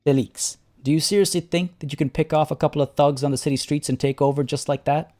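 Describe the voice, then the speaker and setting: A doubting, skeptical city mayor, as a man reads him out from a game. The voice sits a little higher than usual and stays mellow, with faint music in the background. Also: fairly even intonation, fast, close to an everyday voice.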